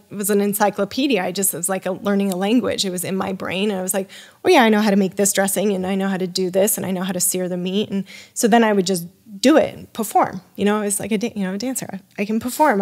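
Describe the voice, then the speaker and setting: A woman's voice: mid-range voice, a little mellow. Chatty woman telling a long story. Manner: chatty, rambling, many restarts and fillers; acts out quoted dialogue with her voice rising. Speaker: podcast guest, wine sommelier. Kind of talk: casual interview storytelling.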